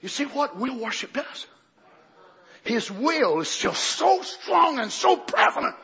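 Preacher, high and shouting. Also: male voice, big pitch swings, a little slow. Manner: preaching with shouted high outbursts and folksy asides. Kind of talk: sermon. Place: church. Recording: dull lo-fi recording with faint congregation.

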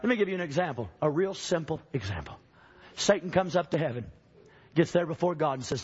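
Fiery high-voiced male preacher. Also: expressive, brisk, breathy edge, highs cut off. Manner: emphatic, swings from shouting to low urging, calls out to the congregation. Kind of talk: sermon. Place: church before a congregation.

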